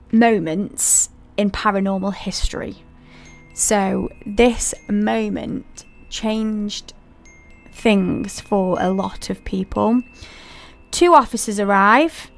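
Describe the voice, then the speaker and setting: A woman hosting a podcast, telling a paranormal story in a chatty way and talking straight to her listeners with asides. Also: medium pitch. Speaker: podcast host.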